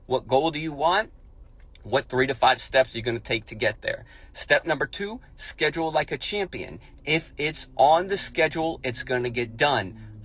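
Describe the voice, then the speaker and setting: A man's voice: medium pitch, fairly bright tone, dry recording. A man giving a motivational monologue as a speaker, talking in an emphatic, repetitive, coach-like way.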